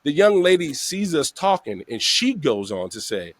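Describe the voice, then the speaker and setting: Animated man telling a story, lively pitch. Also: normal speed, dry recording. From the Bronx, New York. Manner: animated storyteller, acts out quoted voices. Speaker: podcast host. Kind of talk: casual storytelling chat.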